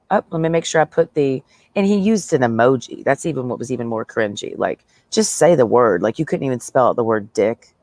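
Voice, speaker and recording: A woman's voice: very deep voice, a little fast, darkish tone, no room sound. A woman livestreaming a blunt, profane, sarcastic rant, talking straight at her listeners. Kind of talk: ranting livestream monologue.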